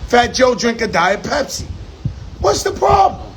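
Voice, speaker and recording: A man's voice: very high voice, sing-song, unhurried, a little hiss or hum, poor audio. A man talking casually outdoors, rambling and profane, repeating phrases for emphasis. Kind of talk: casual monologue. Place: outdoors on an island.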